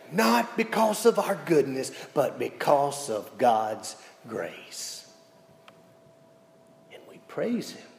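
A man preaching a sermon as pastor, telling a story with big swings between loud and hushed delivery. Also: on the high side, slow, gravelly. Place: church sanctuary. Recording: echoey church hall sound.

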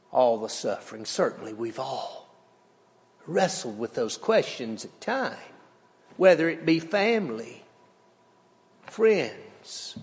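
A male pastor preaching a sermon, with slow, emphatic delivery that swings widely in pitch and volume. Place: church sanctuary. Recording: long hall reverb.

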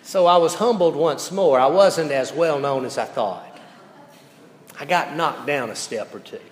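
A male pastor preaching a sermon, telling folksy stories and swinging between loud lines and hushed ones. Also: fairly high pitch, unhurried. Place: church sanctuary. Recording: echoey church hall reverb.

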